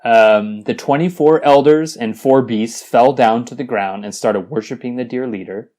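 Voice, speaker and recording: A man's voice: mid-range voice, normal speed, a little mellow. A man co-hosting a podcast, reading scripture aloud and mocking it with crude jokes and frequent laughter. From Las Vegas. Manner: crude jokey, laughs often. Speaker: podcast co-host. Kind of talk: irreverent comedic scripture reading.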